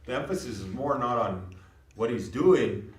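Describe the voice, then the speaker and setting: Heard from a distance in an echoey classroom, this male language teacher walks his students through vocabulary one step at a time. He has a mid-range voice, animated and a little slow. To make sure they're following, he keeps asking checks such as "you know what I mean?"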